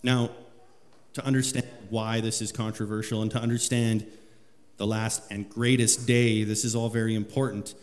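A man's voice: flat delivery, moderate pace. A man preaching a sermon, reading scripture aloud with rising emphasis. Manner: rises in pitch and volume when reading scripture aloud. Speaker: pastor. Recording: long hall reverb.

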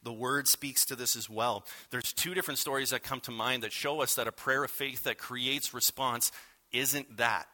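Male pastor, bright tone, relaxed wry sermon delivery. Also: medium pitch, moderate pace. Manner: conversational, wry preaching with asides.

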